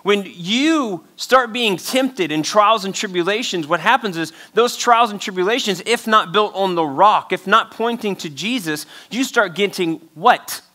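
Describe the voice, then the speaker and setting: Pastor guy preaching, bright higher voice, chatty stories, gets the crowd to answer. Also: unhurried, hardly any pauses. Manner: energetic, storytelling, asks the crowd for call-and-response. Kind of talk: sermon. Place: church hall before a congregation.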